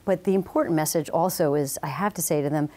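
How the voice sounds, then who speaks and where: A woman professor being interviewed in a TV studio, explaining her teaching methods in a measured, confident way. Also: low-pitched, a little mellow. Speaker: business professor, guest.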